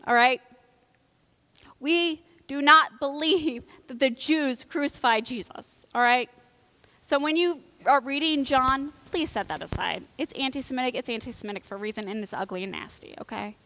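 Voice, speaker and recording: A woman preaching a conversational sermon during a live church service. Her delivery is animated, swinging between loud excitement and hushed, grave moments. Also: on the high side. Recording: long church reverb.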